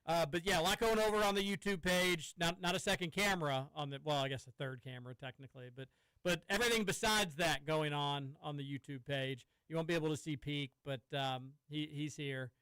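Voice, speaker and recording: A man's voice: on the high side, brisk, pushed and bright, smooth, dry recording, low-quality recording. A man hosting a sports talk radio show from a studio, talking casually and rambling with some stammering. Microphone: studio microphone.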